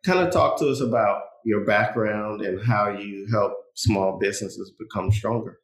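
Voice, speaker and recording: A man hosting a small business podcast, reading a scripted intro and then chatting in a relaxed, joking way. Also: fairly low pitch, moderate pace, reverberant. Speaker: podcast host. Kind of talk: podcast interview.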